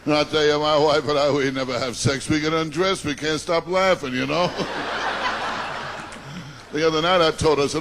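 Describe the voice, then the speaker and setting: A stand-up comedian from Long Island, rattling off self-deprecating one-liners and teasing the crowd. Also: male voice, mid-range voice, fairly even intonation, fairly quick, fairly bright tone, slight background noise. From Long Island, New York. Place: comedy stage before a live audience. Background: audience laughter.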